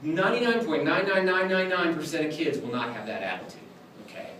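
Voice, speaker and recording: Lively, jokey man in an echoey room. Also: fairly high pitch, brisk. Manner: animated, jokey, acts out exchanges with kids. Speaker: clown magician lecturer. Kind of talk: demonstrating magic tricks to a class. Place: lecture room. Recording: echoey room, far from the mic, background noise.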